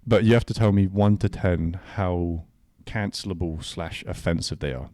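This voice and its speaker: A man's voice: low-pitched, dark tone, dry recording. A young man from England with an English accent, co-hosting a casual podcast chat in a joking, playful way. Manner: joking, playful, quick to mimic voices. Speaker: podcast co-host.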